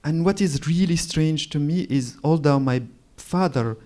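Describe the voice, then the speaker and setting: Reflective storytelling comes from a Moroccan author in his forties at a literary event, his native language being Moroccan Arabic. He talks slowly in a dark, somewhat high voice, frequently restarting, pausing and searching for what to say.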